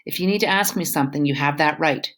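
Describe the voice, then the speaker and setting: Gentle, reassuring woman lawyer, read by a woman, low and soft. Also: fast.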